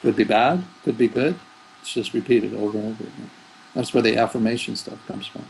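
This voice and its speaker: A man's voice: lowish voice, fairly quick, gravelly, darkish tone, a little hiss or hum, low-quality recording. A man who is a spiritual teacher, giving rambling, thoughtful answers in an interview. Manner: rambling, thoughtful, with fillers and restarts.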